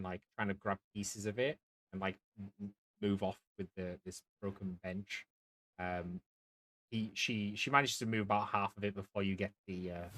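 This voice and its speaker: A man running a tabletop game as dungeon master, narrating haltingly with many restarts. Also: on the low side, bright, forceful tone, rough recording.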